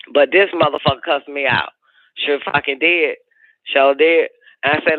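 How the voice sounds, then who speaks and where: A man hosts his own talk radio show, telling profane stories in a high voice. His delivery is crude and animated. The sound is tinny and phone-like, and dry, with no room around it. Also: moderate pace, dry recording.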